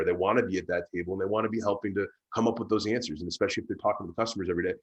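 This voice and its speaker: A man's voice: low-pitched, steady tone, racing, few pauses, rough recording. A man speaking as a guest on a business panel, enthusiastic and emphatic, often repeating words as he talks. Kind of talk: conversational panel talk.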